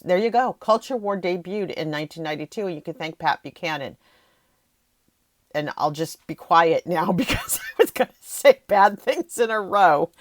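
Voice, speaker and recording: A woman's voice: low voice, no echo, studio quality. A woman hosting her own podcast, chatting casually about political history with wry jokes and asides. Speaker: podcast host; rhetorician. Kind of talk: casual solo podcast commentary.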